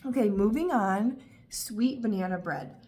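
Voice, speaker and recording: A woman's voice: medium pitch, measured pace, mellow, a little hiss or hum. Gushing woman reviewing candles. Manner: gushing, emotional, talkative with frequent fillers. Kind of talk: casual review vlog.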